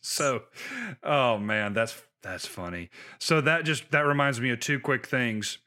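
A man's voice: medium pitch, measured pace, sharp tone. A man in his thirties, a podcast co-host, telling stories in casual chat and laughing often. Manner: storytelling, laughs often, acts out voices.

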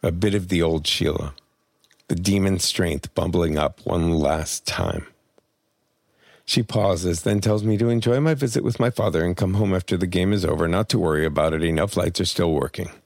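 A man reading a personal memoir aloud in plain, measured first-person storytelling. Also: sits low, no room sound. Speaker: memoir narrator.

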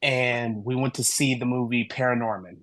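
A man's voice: mid-range voice, normal speed, no room sound, rough recording. Man telling stories on a podcast, dry sound. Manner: animated storyteller, voices his friends in quotes. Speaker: guest, human design reader and author. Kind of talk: conversational podcast storytelling.

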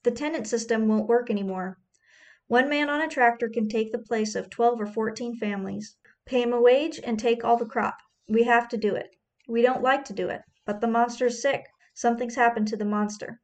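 A woman's voice: fairly high pitch, fairly even intonation, moderate pace, lightly acted. A woman reading the lines of stern landowning men, firm and matter-of-fact in her own voice.

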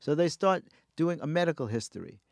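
A man telling a story in casual chat, wry and animated, acting out the people he met. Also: a little high, fairly quick, vocal fry, dry recording, studio quality.

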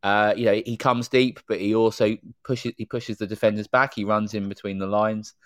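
A man's voice: fairly low pitch, flat delivery, normal speed, fairly bright tone, no echo. A man co-hosting a casual podcast chat, talking freely and filling with "you know". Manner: chatty, strings thoughts with "you know". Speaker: podcast co-host.

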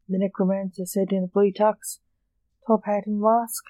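A woman reading a story aloud in a steady, even manner. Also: mid-range voice, moderate pace, dry recording. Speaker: story reader.

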